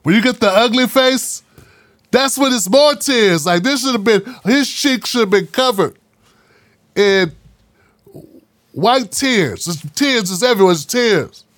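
A man's voice: very high-pitched, expressive, unhurried, pauses often, fairly bright tone, no echo. A man hosting a casual commentary monologue, talking in a sarcastic, mocking, slangy way. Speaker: political commentary host.

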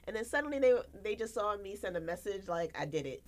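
A young American woman, a podcast co-host, telling stories in casual chat and acting out quotes with big jumps in her voice. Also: quick pace. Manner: animated, acts out quotes with big pitch jumps.

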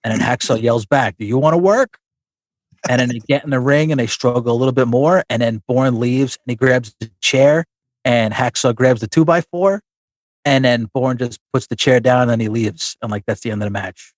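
A man's voice: medium pitch, moderate pace, no echo. A man co-hosting a casual podcast, telling a long story with many restarts and fillers. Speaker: podcast co-host. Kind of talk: casual chat about wrestling figures.

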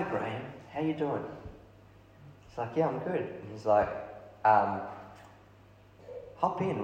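A man preaching a storytelling sermon, lively, acting out the dialogue of the people in his story. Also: mid-range voice, slight background noise. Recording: echoey hall, heavy reverb.

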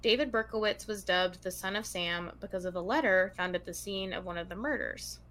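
A woman's voice: medium pitch, brisk, fairly bright tone. A woman hosting a true crime podcast, telling the story and reading long passages aloud with chatty asides to her co-host.

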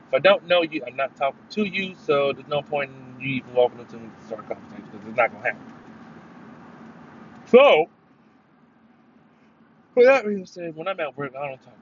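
With a fairly high voice, this animated podcast host talks fairly quickly but leaves long pauses. He runs a casual solo show, rambling and swearing with abrupt emphatic bursts, recorded through a headphones mic in dull lo-fi quality with faint noise.

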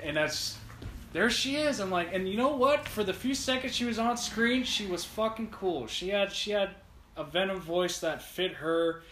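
A man co-hosting a podcast, reviewing a movie in casual, profane, animated chat. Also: sits high, normal speed. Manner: profane, animated, laughing rants. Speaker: podcast co-host. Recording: echoey room with faint noise.

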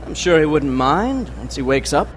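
An actor playing a calm, dry, unflappable young man in a game, over street noise. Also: on the high side, normal speed. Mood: cool.

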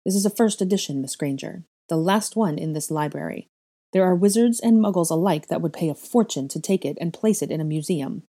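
Prim, exacting old librarian witch, flat and clipped, low-pitched and mellow, played by a woman reader. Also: brisk. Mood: stern. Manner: flat, precise, disapproving. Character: stern, strict older woman librarian witch.

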